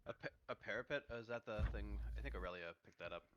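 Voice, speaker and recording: A man's voice: fairly low pitch, fast, fairly bright tone, highs cut off, slight background noise. A man playing in an online tabletop game, chatting casually and explaining things matter-of-factly. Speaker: player.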